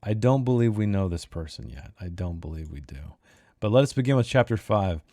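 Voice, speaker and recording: A man hosting a book club read-along, reading passages aloud and then thinking out loud with lots of fillers and restarts. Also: low voice, expressive, a little fast, no echo, clean studio sound. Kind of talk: casual read-along discussion.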